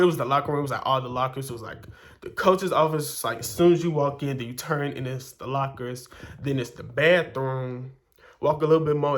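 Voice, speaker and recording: A man's voice: mid-range voice, a bit bright. Chatty young man telling a story. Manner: chatty, full of fillers, acts out quoted lines. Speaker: vlogger. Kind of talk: casual storytelling.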